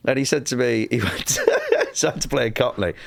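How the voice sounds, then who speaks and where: A man from northwest England with a northwest English accent, a comedian guest telling stories on a podcast, animated and swearing, laughing through his stories. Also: medium pitch, fast talker, gravelly, dry recording. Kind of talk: anecdotal podcast storytelling.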